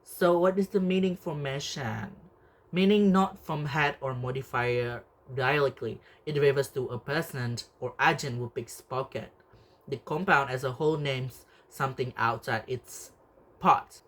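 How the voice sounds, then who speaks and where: A young man speaks very slowly as he works through a class project presentation. He halts often and restarts words partway through. His pitch sits in a mid range for a man. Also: fairly bright tone. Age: young adult. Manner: halting, restarts words, slow and deliberate. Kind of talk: reading out a recorded class presentation.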